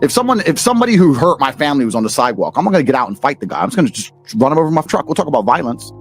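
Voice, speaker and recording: A man's voice: fairly high pitch, big pitch swings, rapid-fire, faint music behind. A man with a British accent, a podcast guest telling blunt, profane stories and ranting emphatically. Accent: British English. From England.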